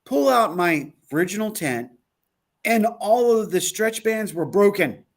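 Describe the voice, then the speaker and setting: Male co-host, rather high voice, lively storyteller who acts out quotes. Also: unhurried. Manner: animated storyteller, acts out quotes, laughs often. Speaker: podcast co-host. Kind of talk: casual chat recounting a trip.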